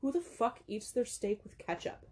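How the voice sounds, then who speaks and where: A woman's voice: fairly high pitch, sing-song, moderate pace, a little mellow, husky. A woman co-hosting a podcast, reading stories and reacting bluntly with plenty of swearing. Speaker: podcast co-host. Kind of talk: casual chat, reading listener stories aloud.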